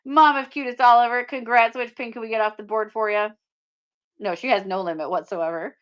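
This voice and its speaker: A woman's voice: a little high, fairly even intonation, fairly quick, clean tone. A woman hosting a live-stream pin auction, chatting casually and upbeat with viewers and laughing often. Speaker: live shopping seller.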